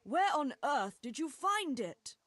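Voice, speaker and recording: A woman in a game voicing a shy young village man, mimicking him slowly and over-earnestly. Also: high voice, very animated, a bit bright, no room sound, full character voice. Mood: mock-romantic.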